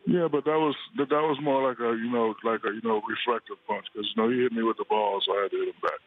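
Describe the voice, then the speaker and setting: A man in his forties calling in to a talk show, chatting in a relaxed, joking way. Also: mid-range voice, quick pace. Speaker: guest. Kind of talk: phone interview. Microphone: phone line. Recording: tinny phone line.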